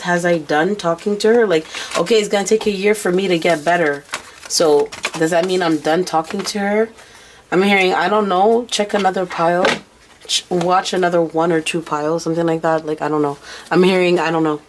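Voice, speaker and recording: A woman's voice: fairly low pitch, a little hiss or hum. A woman giving a casual tarot reading, blunt and swearing freely as she relays what she says spirit tells her. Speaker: tarot reader.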